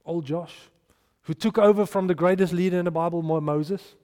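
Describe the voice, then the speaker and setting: A man preaching a sermon, animated and storytelling, with restarts and hushed asides. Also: high voice, moderate pace. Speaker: pastor. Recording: long hall reverb.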